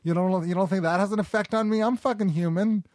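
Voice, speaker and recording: A man's voice: sits high, fairly even intonation, fast, darkish tone, dry recording, studio quality. A man guesting on a podcast, telling stories in a rambling, self-deprecating, jokey way. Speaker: actor and guest. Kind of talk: casual chat.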